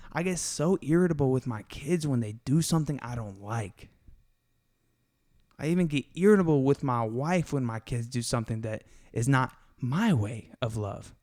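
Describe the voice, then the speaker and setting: A man's voice: medium pitch, a little mellow. A man hosting a casual faith podcast, talking in an earnest, confessional way, full of slang and emphatic asides. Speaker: podcast host.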